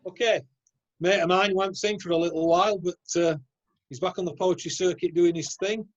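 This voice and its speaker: Man, open mic host, high voice, friendly banter, dull lo-fi video call sound. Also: steady tone, moderate pace. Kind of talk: casual introductions.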